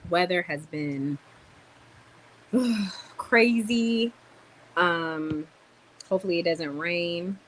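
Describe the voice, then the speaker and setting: A young woman vlogging casually on a livestream, tired and chatty, telling stories with sudden loud exclamations. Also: on the low side, steady tone, slow, long pauses, poor audio.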